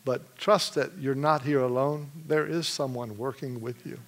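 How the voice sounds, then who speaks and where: A man from Michigan giving a testimony in a sermon, telling his story with animated energy and frequent laughs. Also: medium pitch, normal speed. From Michigan, USA.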